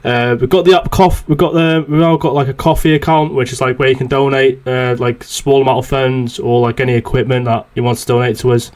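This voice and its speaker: A man's voice: medium pitch, fairly even intonation, a little fast, few pauses, darkish tone. A young man on a podcast, telling a rambling, swear-filled story in casual chat. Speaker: podcast host.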